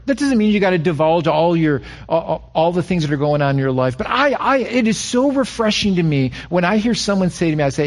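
A middle-aged man preaching a sermon as a pastor, animated, acting out little scenes and often repeating his words. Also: sits high, a little fast, few pauses.

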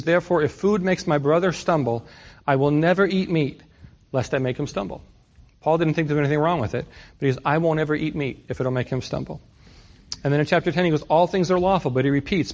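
A middle-aged man from New York City preaching a conversational sermon, often putting rhetorical questions to his listeners. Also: fairly high pitch. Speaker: pastor.

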